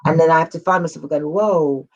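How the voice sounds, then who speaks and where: A talk show host speaking casually and haltingly, restarting sentences often. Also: medium pitch, little pitch movement, muffled recording. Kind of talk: casual interview chat.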